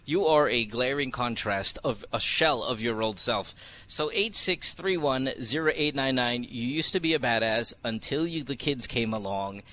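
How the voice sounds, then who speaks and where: A man's voice: medium pitch, expressive, moderate pace, sharp tone. A middle-aged man hosting a morning radio show, joking and teasing his co-host and mixing in Tagalog words.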